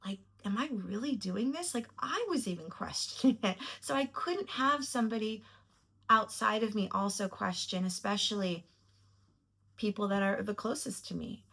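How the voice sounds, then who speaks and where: A woman's voice: medium pitch, moderate pace, gravelly, a bit bright, husky. A woman telling a personal story to camera in a reflective, earnest way, at times emotional. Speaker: vlogger.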